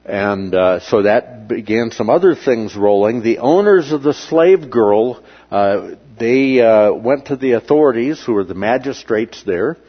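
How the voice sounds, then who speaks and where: A man teaching a Bible lesson over slides, pausing often and filling the gaps with filler sounds. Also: mid-range voice, animated, husky, highs cut off. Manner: halting, many filler sounds between phrases.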